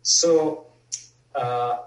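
A man's voice: medium pitch, extremely slow. Guy sharing his recovery story, earnest, kinda far from the mic in an echoey room. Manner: earnest, reflective, with frequent fillers. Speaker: twelve-step member sharing. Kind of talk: personal recovery share.

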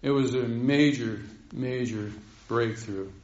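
A man's voice: medium pitch, takes it slowly, a little mellow. An older man rambling through a heartfelt recovery share, laughing often. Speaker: speaker sharing at a recovery meeting. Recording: roomy, dull recording.

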